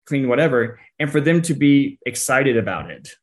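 A man with a mid-range, lively voice co-hosts a parenting podcast, where he's a psychologist giving casual advice. He thinks things through out loud, halting often and restarting phrases with "um" and "you know."

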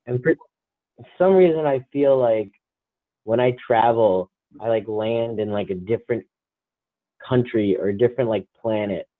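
A man's voice: fairly low pitch, moderate pace, no room sound. A young man from New Jersey with a New Jersey accent, co-hosting a casual podcast chat and rambling through stories with quoted back-and-forth. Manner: rambling, quotes people in mock dialogue. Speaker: podcast co-host. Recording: dry tinny phone-like line.

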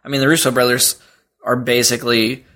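A man's voice: mid-range voice, little pitch movement, brisk, bright, forceful tone. A man in his thirties, a podcast guest, talking in a loose, rambling way with lots of fillers. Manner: rambling, fillers, chuckles at his own stories. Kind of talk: casual chat.

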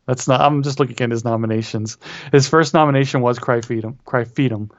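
A man's voice: mid-range voice, steady tone, normal speed, no room sound. A man co-hosting a casual film podcast, hesitant and questioning, with frequent restarts. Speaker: podcast co-host. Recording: dry, dull lo-fi sound.

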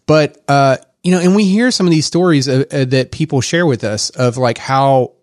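Man, casual podcast host, mid-pitched, rambling and filler-heavy, dry close sound. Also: moderate pace, darkish tone, dry recording. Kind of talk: casual chat.

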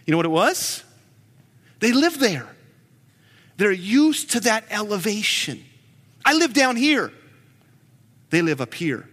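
A man in his forties preaching a sermon as a pastor, telling stories in an animated, joking way. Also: sits high, long reverb tail. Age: 40s.

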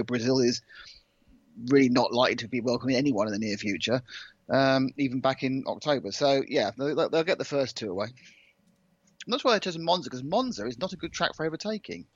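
A man's voice: medium pitch, no room sound, dull audio. A man co-hosting a casual motorsport chat, sardonic and jokey, laughing often. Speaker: co-host.

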